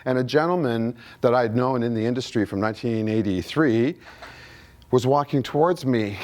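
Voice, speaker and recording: A man in his sixties gives a seminar talk at a conference, voice pitched at an ordinary middle level for a man. He tells his stories in an anecdotal way and voices both sides of old conversations. He also throws show-of-hands questions at the room. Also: moderate pace, darkish tone. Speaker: guest speaker at an investing conference.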